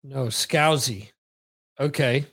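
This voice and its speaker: A man's voice: mid-range voice, takes it slowly, a bit bright, breathy edge. A man hosting a podcast, chatting casually and reading viewer comments aloud. He rambles and jokes, often stopping to correct himself. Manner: rambling, joking, frequent self-corrections. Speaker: podcast host.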